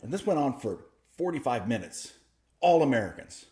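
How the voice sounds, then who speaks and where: Guy doing stand-up stories, dry deadpan delivery, medium voice, echoey room sound. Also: medium pitch, moderate pace. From Canada. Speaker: comedian. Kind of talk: stand-up storytelling.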